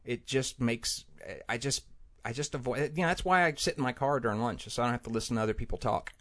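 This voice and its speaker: Talking fast in a mid-range, slightly bright voice, a podcast host grumbles and rambles casually, restarting often. He records with headphones and a studio mic in a small room with the air conditioning turned off.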